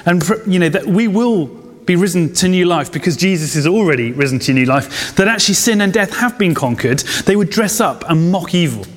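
A man, preaching a conversational sermon with chatty asides and quick laughs. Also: high voice, animated. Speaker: pastor. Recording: reverberant hall sound.

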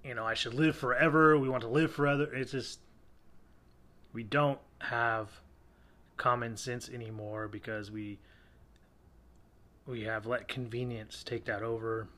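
Man, 30s, casual rant, heated, rambling, mid pitch. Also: steady tone, a little slow, pauses often, sharp tone. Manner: heated, rambling, frequent restarts. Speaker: father ranting about technology.

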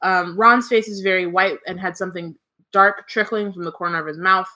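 A woman's voice: lowish voice, fairly even intonation, fairly quick, bright, forceful tone. A woman co-hosting a book podcast, reading passages aloud between casual, joking chat peppered with swearing and laughter. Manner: laughs often, swears, many "um" fillers. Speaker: podcast co-host reading the chapter.

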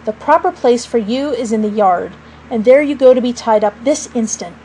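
A woman's voice: a little high, expressive, moderate pace, dark tone, slight background noise, close to an everyday voice, rough recording. A woman voicing a proud, blustering middle-aged father who talks pompously and indignantly.

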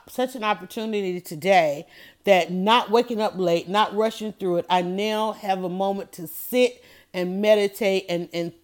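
A woman hosting a motivational podcast, telling stories with lively energy and repeating her key phrases to press a point. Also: mid-range voice. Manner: lively storytelling, addresses listeners as y'all and honey. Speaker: podcast host.

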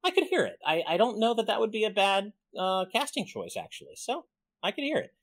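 Man, podcast host, upbeat and thankful, lively rising and falling delivery. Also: high-pitched, dry recording. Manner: upbeat, thankful, reels off supporter names quickly. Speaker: podcast host reading super chats. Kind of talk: casual podcast chat.

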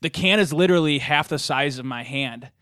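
A man's voice: fairly high pitch, fairly quick, bright, forceful tone, clean tone, no echo, clean studio sound. A young man telling a self-mocking story to friends in casual chat. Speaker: podcast co-host.

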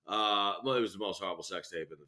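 A man's voice: low-pitched, quick pace, bright, forceful tone. A man co-hosting a podcast, telling rambling, profane stories and acting out what people said. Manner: profane, rambling storyteller who acts out quotes. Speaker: podcast co-host. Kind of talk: crude casual banter.

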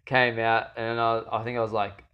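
A man's voice: mid-range voice, moderate pace, clear, resonant tone, dull audio. A young man, a fighter, chatting casually and acting out the voices of people in his story. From Australia. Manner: animated, acts out quoted voices, laughs often. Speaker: guest fighter.

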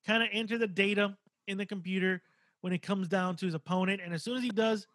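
High-voiced man breaking down a fight. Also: steady tone, fast, a bit bright, no room sound. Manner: analytical, rambling, casual swearing. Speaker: boxing podcast co-host. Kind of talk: casual chat.

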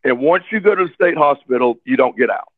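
A man's voice: medium pitch, expressive, fast talker, no room sound. A man telling a personal story in a casual interview, candid and earnest, often repeating words as he searches for them. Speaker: interview guest. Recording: tinny phone line, dry.

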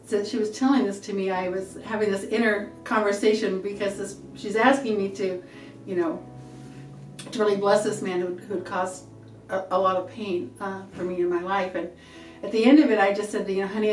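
A woman's voice: medium pitch, steady tone. Earnest middle-aged woman in an echoey room. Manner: earnest, halting, repeats herself. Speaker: testifying believer. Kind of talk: spoken church testimony. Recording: echoey room from a distance, faint music.

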